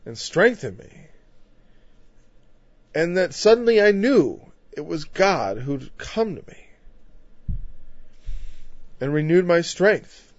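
On a dull, dry, lo-fi recording, a man with a slightly high voice preaches a conversational sermon on a Bible passage. He peppers it with "you know" asides and builds into impassioned lists.

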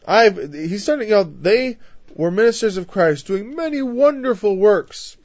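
Male preacher, somewhat high voice, conversational and impassioned; dry, dull lo-fi recording. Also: lively intonation, a little slow, a little mellow, no room sound. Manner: talkative, peppered with "you know", builds to impassioned lists. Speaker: preacher teaching a Bible passage. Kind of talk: conversational sermon.

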